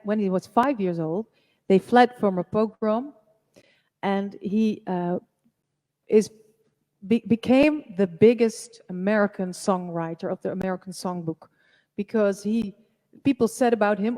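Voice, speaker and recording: A woman presenting a live music talk, chatty and halting, with many fillers. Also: mid-range voice, dark tone, long reverb tail. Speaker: presenter and singer.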